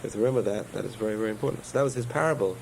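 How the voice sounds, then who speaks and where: A man's voice: fairly low pitch, rapid-fire, creaky, darkish tone, slight background noise, poor audio. A man giving a spoken Torah lesson, telling parables with digressions and self-corrections. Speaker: rabbi teaching a class.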